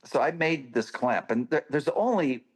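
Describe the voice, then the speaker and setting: On a casual podcast interview, a male guest with a medium-pitched, lively, slightly breathy voice speaks at normal speed. He eagerly tells anecdotes about designing parts, full of enthusiasm.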